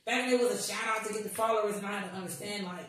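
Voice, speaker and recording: Animated woman in an echoey room. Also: medium pitch, racing, a loud crowd. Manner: animated, swearing, acts out quotes. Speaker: podcast guest. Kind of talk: casual storytelling chat. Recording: echoey room, distant mic.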